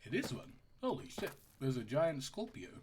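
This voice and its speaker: A man's voice: mid-range voice, huge pitch swings, normal speed, a little mellow, slight background noise. A man streaming a game, chatting casually, joking, swearing and laughing often. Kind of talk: casual gaming commentary.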